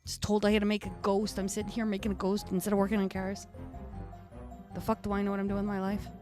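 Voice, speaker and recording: A woman's voice: medium pitch, completely flat delivery, fast talker, dark tone, soft background music, natural voice. A woman playing a brash, foul-mouthed redcap fae, a tough mechanic, who chats in character on a live stream with a New York-ish accent and rambling, streetwise talk. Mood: gruff banter.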